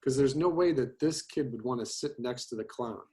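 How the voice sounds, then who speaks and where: A man's voice: medium pitch, lively intonation, moderate pace, hardly any pauses, dark tone. A man teaching an online class, giving chatty, rambling feedback on student storyboards, with many fillers and restarts. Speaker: storyboard instructor. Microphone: video call.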